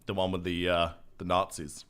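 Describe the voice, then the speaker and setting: A young man streaming a game, chatting casually with a relaxed, joking manner and casual swearing. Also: low voice, moderate pace, a crowd in the background. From Australia. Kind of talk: casual gameplay chat.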